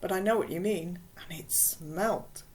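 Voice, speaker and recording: A woman's voice: on the low side, a little slow, a little mellow, natural voice. A woman voicing a cheeky young girl who talks in a chatty, teasing way.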